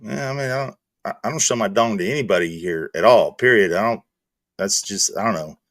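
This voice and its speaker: A male streamer hosting a casual chat, telling profane, animated stories. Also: on the low side, brisk, no room sound, studio quality. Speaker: streamer host.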